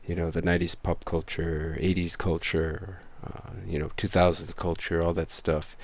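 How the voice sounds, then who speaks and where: A man's voice: sits low, little pitch movement, moderate pace. A man, the show's creator and host, giving rambling behind-the-scenes commentary full of fillers and restarts.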